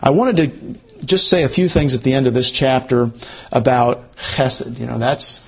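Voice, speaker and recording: A man with a gravelly, husky voice teaches a Bible lesson. He goes over each point more than once at a slow, careful pace, as if giving his class time to write it down. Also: medium pitch, a bit bright. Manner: repeats key points slowly, as if for note-taking. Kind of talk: Bible study lecture.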